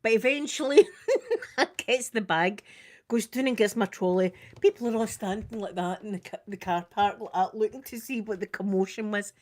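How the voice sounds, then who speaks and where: During a live makeup stream, this older vlogger from Scotland tells casual stories in a mid-range voice at an ordinary pace. She's an animated storyteller who performs the screams and quoted lines herself.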